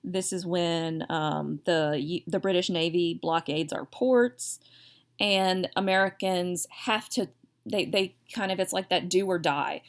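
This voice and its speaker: A woman history teacher giving a recorded lecture in a chatty, digressive way, with self-deprecating jokes. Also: lowish voice.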